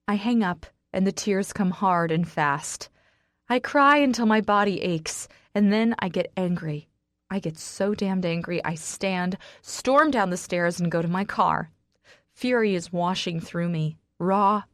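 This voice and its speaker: A woman narrating an audiobook in the first person, reading dramatically and with strong emotion, pushing into shouts in the dialogue. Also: lowish voice, unhurried, no echo, studio quality.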